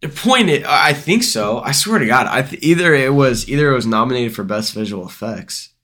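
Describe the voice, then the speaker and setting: A man's voice: medium pitch, animated, brisk, pushed and bright. Laid-back man joking about movies. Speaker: podcast co-host. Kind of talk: casual movie review chat.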